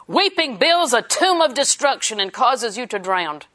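A woman's voice: a little high, big pitch swings, normal speed, pushed and bright. A woman preaching a sermon, reading scripture in a conversational way and laughing often.

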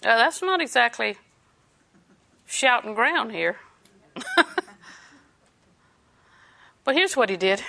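A woman's voice: on the high side, sing-song, slow pace, creaky, long pauses, pushed and bright. A woman preaching a sermon, reading scripture in a conversational way and laughing often.

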